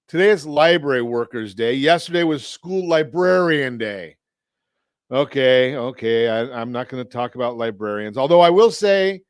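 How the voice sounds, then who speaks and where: A man's voice: a little high, no room sound, studio quality. Chatty man hosting talk radio. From Southern California. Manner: chatty, rambling, joking asides. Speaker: radio host. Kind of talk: casual talk radio monologue.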